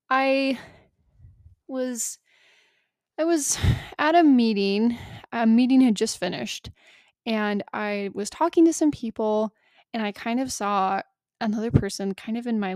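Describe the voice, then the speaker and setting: Chatty woman with a gravelly edge. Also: on the high side, darkish tone, no echo, clean studio sound. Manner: chatty and self-deprecating, laughs often, many fillers. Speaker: podcast host and coach. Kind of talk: casual solo podcast monologue.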